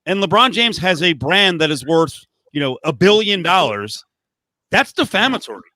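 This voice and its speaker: A man's voice: fairly high pitch, lively intonation, moderate pace, sharp tone, no echo. A man hosting a live podcast over a video call, talking animatedly with many fillers. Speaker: podcast host. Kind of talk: casual live podcast chat.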